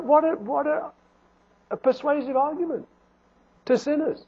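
Male preacher, high husky voice, earnest and pleading, recorded on a phone-like line. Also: measured pace. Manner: earnest, pleading rhetorical questions, restarts. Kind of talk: sermon. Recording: phone-like narrow band.

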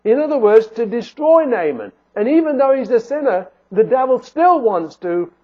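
A man's voice: extremely high pitch, big pitch swings, normal speed. A man preaching a sermon in an earnest, pleading way, asking rhetorical questions and restarting phrases. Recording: phone-like narrow band.

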